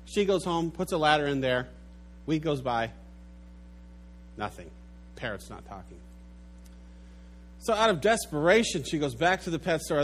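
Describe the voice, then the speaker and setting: A man preaching a sermon, telling an animated story and dropping low and soft for the sad parts. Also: normal speed, pauses often, slight background noise. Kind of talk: sermon with a told joke.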